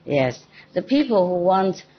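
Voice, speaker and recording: Speaking at a measured pace in a fairly low, sing-song voice, a woman spiritual teacher gives an informal dharma talk to her disciples. She's playful and teasing and laughs often. The recording is dull and lo-fi.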